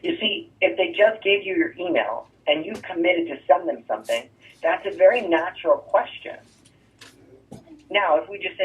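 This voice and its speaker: A man gives a real estate sales lesson in a coaching tone, tossing in quick "right?" checks as he walks through his scripts. His voice sits a little high for a man. The recording is narrow and phone-like, and he sounds set back from the microphone. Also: expressive. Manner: coaching, rhetorical "right?" asides. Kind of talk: sales training talk. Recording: thin phone-like distant sound.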